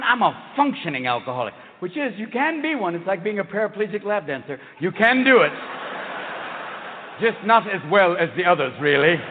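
A man doing a manic stand-up comedy routine, firing off jokes and bursting into shouted voices. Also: sits high, a little hiss or hum. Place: large live venue. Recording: tinny, echoey live hall recording.

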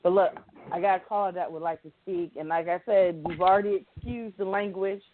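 A middle-aged woman hosting a call-in show, speaking slowly and with emphatic repetition. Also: lowish voice, fairly even intonation, slight background noise. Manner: slow, emphatic, repeating words. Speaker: host. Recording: dry, tinny phone-like sound.

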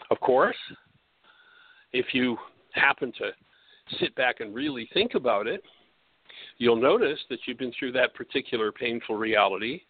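A man's voice: medium pitch, dry recording. Man, radio show host, teacherly lecture, rhetorical questions, phone-like sound, dry. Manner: teacherly, poses rhetorical questions and answers them. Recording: tinny phone-like line, dry.

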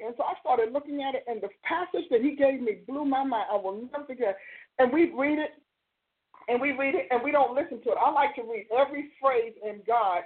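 A woman's voice: sits high, lively intonation, a little fast. Woman preaching over a tinny phone line. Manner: emphatic, repeats phrases for stress. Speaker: preacher and show host. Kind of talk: conversational preaching.

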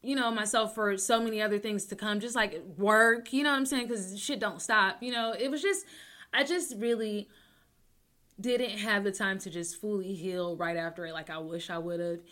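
A young adult woman hosting her own talk show, rambling with many restarts, joking to deflect, swinging between loud bursts and soft mumbles. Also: medium pitch, moderate pace. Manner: rambling, self-interrupting, jokes to deflect. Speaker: podcast host. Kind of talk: casual personal talk show.

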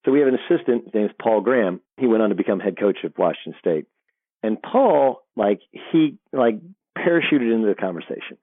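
Man telling animated stories over the phone. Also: on the low side, brisk, slightly rough, no echo. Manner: animated storyteller, frequent restarts. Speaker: guest, sports broadcaster. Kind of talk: storytelling interview. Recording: dry tinny phone line.

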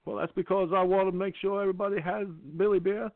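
A man's voice: sits high, level tone, quick pace, dry recording, voice pushed up. A man doing an impression of a folksy, rambling older male ex-president over a phone line.

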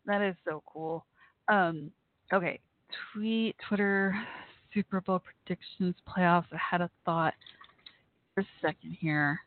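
Her voice sits on the low side as this Texan hosts a relaxed call-in radio chat, giggling, laughing frequently, and dropping plenty of fillers. The recording is dry and comes through a thin, phone-like line.

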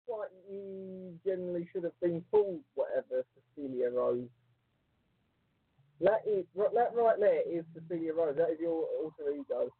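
Man, playful teasing banter, slightly husky voice, tinny phone-like audio. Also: on the high side, moderate pace, no room sound. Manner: teasing, joking, animated. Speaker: podcast co-host. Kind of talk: casual banter. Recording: phone-like lo-fi line.

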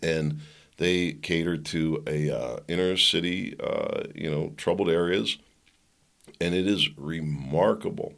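A man's voice: deep voice, fairly bright tone. A man hosting his own podcast, giving casual solo commentary full of sarcastic asides and jokes. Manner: sarcastic, jokey, talks in asides. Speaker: podcast host.

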